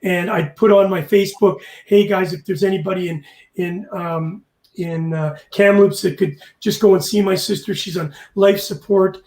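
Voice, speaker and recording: A man's voice: high voice, steady tone, normal speed, darkish tone, roomy sound. A man hosting a casual live chat show, telling heartfelt stories and getting emotional. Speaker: host.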